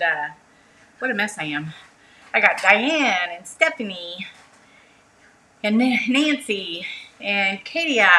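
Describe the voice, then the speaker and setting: A woman's voice: medium pitch, bright, forceful tone, slight background noise, low-quality recording. A woman hosting a casual craft livestream, chatting and greeting her viewers by name.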